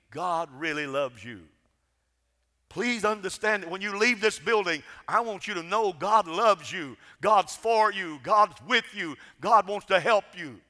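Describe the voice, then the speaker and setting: A man preaching a sermon, swinging between emphatic calls and hushed, quiet passages. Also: fairly high pitch. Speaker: pastor. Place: large church. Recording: church sanctuary with long reverb.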